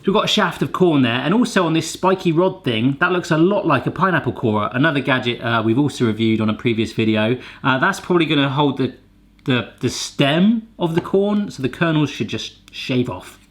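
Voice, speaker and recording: A man's voice: medium pitch, a little fast. A man hosting a kitchen gadget video, chatting casually and cracking playful jokes. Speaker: kitchen gadget reviewer, show host. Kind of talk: casual vlog chat.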